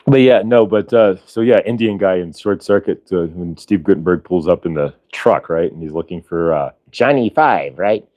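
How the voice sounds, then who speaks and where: A man's voice: low voice, fairly even intonation, moderate pace, few pauses, warm tone, no echo. A male show host from Ohio chatting casually, rambling through tangents with frequent restarts. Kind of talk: casual chat.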